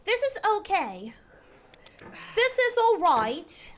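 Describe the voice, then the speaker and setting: A woman streamer putting on a posh British accent during a live game stream, playing a prim, proper English lady who speaks slowly and sounds out every letter and long vowel. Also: very high-pitched, very animated, a bit bright, pitched above the performer's own voice, full character voice. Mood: earnest. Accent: put-on posh British (received pronunciation). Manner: slow, deliberate over-enunciation of every letter and long vowels.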